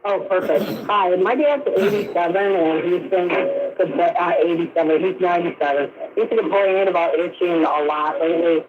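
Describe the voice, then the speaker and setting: A woman's voice: on the low side, normal speed, hardly any pauses. An older woman calls into a radio show, hesitant and a bit scattered, with plenty of fillers. She sounds thin and tinny over the phone line. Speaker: caller. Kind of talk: radio call-in.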